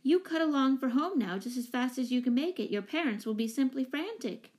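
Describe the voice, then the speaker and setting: A woman reading aloud, voicing a kind, practical mother who speaks warmly and matter-of-factly. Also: sits high, lively intonation, fairly quick, voice pushed up. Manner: warm, firm and matter-of-fact.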